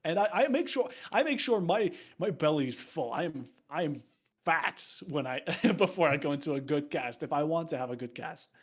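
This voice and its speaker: A man's voice: on the high side, lively intonation, normal speed. A young man, an esports caster, chatting casually and playfully as a guest, laughing as he talks. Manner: laughs often while talking, playful. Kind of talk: casual chat.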